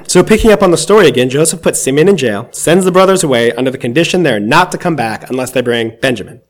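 A man with a slightly higher voice delivers a sermon in a relaxed, conversational way. He reads a scripture passage aloud, then talks it through reflectively, with the odd filler and self-correction. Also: quick pace. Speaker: preacher.

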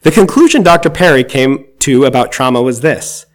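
A man's voice: medium pitch, expressive, moderate pace. A man giving a conversational, reflective sermon, reading scripture aloud and explaining it with occasional fillers. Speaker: preacher.

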